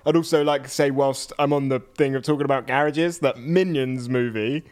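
A man's voice: mid-range voice, steady tone, normal speed, darkish tone. A young man co-hosting a casual podcast, chatty and opinionated, often laughing. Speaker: podcast co-host. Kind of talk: casual chat.

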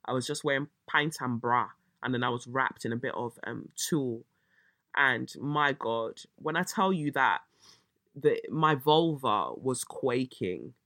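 A woman, hosting a casual solo podcast, a little croaky, telling stories with swearing and dramatic outbursts. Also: very deep voice, dry recording, studio quality. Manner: animated storytelling, swearing, bursts of exaggerated shrieking. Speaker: podcast host.

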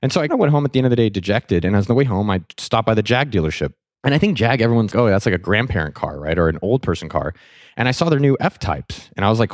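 A young adult man with a fairly low voice tells a personal story in a casual, self-mocking way, cursing freely and getting animated as it builds. The sound is dry and close, with no room around it. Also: quick pace, no echo. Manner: candid, self-mocking, swears freely, animated on key moments. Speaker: vlogger telling a personal money lesson.

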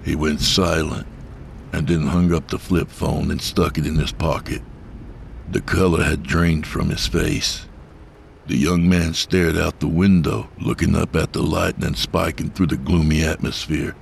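A man narrating a horror story in a steady, measured way. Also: very deep voice, gravelly, slight background noise.

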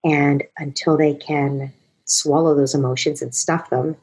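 A woman's voice: sits low, steady tone, a little slow, a little mellow, slightly rough, poor audio. A middle-aged woman, a parenting expert, earnestly explaining her advice in an interview, using worked-through examples.

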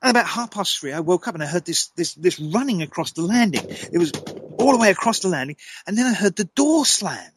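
A man, a guest telling an eerie personal story in a lively, dramatic way. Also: quick pace, background noise. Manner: lively, dramatic storyteller with sudden pitch jumps. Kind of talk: animated anecdotal storytelling.

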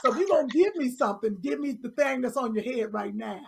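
A woman, loudly teasing and joking in casual chat as a guest. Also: high voice, expressive, fast talker, creaky, a little hiss or hum. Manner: loud, teasing, laughing banter.

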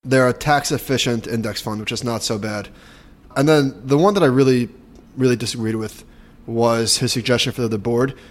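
A man's voice: mid-range voice, fairly even intonation, normal speed. A man co-hosting a podcast, who leads the topics and chats casually about markets. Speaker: podcast co-host. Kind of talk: casual finance chat.

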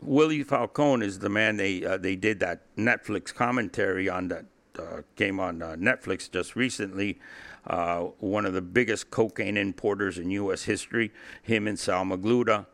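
A man's voice: fairly low pitch, normal speed, fairly bright tone. An older man from Cuba, a guest in an interview, telling his story bluntly with profanity, frequent laughs and repeated words. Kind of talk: candid storytelling in a podcast interview.

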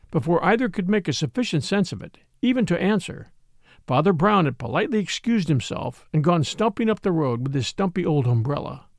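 Man narrator, fairly high voice, measured mystery storytelling. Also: sing-song, dry recording, studio quality.

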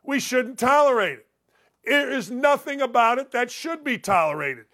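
A man's voice: extremely high pitch, lively intonation, normal speed, sharp tone. A man hosting a sports talk show, delivering a combative, opinionated monologue that repeats points for emphasis. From United States.

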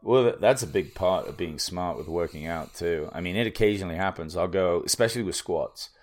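A man's voice: sits low, a little fast. A young man co-hosting a podcast, chatting casually and enthusiastically about comedy and workouts. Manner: easygoing, enthusiastic storyteller. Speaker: podcast co-host.

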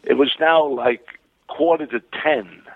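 A man's voice: medium pitch, measured pace, creaky, breathy edge, no echo. An older man from Queens, New York, telling rambling, enthusiastic stories as a guest over the phone, with many restarts. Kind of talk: phone interview storytelling. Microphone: telephone. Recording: tinny phone line.

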